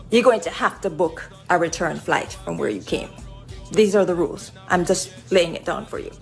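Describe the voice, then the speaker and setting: A woman delivering emphatic, scolding commentary straight to her viewers. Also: medium pitch. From Jamaica. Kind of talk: direct-to-camera commentary.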